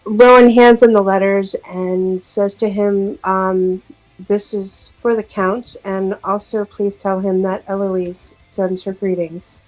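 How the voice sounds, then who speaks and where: Quiet woman playing a tabletop character. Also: medium pitch, flat delivery, takes it slowly, soft background music, poor audio. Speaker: player.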